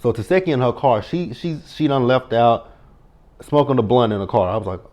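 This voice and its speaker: A man's voice: medium pitch, expressive, brisk, a little mellow. A man in his thirties giving a casual reality TV recap, blunt and profane, speaking straight to the cast members and stressing his words. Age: 30s.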